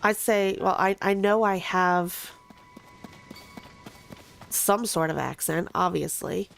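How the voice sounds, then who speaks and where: A woman's voice: on the low side, slow, creaky, faint music behind. Chatty woman with a Philly-Jersey accent. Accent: Philadelphia and South Jersey. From Philadelphia, then southern New Jersey. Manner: chatty, thinks out loud, rambling asides. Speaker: streamer playing a video game. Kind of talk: casual gameplay commentary.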